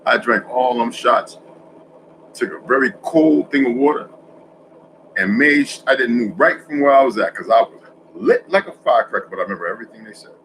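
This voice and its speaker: A man talking straight to his viewers in a loose, rambling monologue. His voice sits at a middle pitch, and he keeps stopping to correct himself mid-thought. He swings from loud, pushed lines down to near-hushed asides, with a faint hum of room noise behind him. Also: lively intonation, a little fast, low-quality recording.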